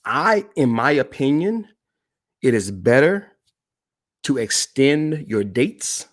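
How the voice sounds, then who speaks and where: A man's voice: mid-range voice, sing-song, slow pace. A man speaking as a motivational speaker on a live-stream broadcast, emphatic and repeating key phrases while addressing the audience directly.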